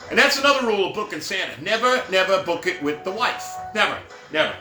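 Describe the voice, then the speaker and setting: Speaking fast in a high, bright, pushed voice with big swings in pitch, this middle-aged man tells meandering tales from his time playing Santa. His casual storytelling wanders through asides and fillers such as "right?" and "whatever." The room echoes, and music plays faintly in the background.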